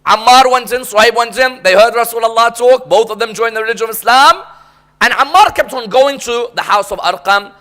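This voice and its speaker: A man's voice: extremely high pitch, fairly quick, bright, forceful tone. A man preaching a sermon as a dramatic story, often prompting the audience to respond.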